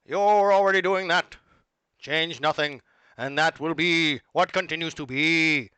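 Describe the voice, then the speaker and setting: A man's voice: unhurried, sharp tone, clear, resonant tone, no room sound. A man putting on a slick TV ad salesman. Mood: grandiose. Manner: theatrical, booming sales pitch.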